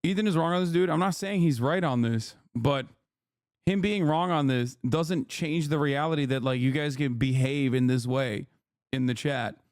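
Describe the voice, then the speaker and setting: A man's voice: fairly high pitch, moderate pace, a little mellow, no echo, clean studio sound. A man hosting a livestream, lecturing his chat in an exasperated, profane rant. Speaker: livestream host.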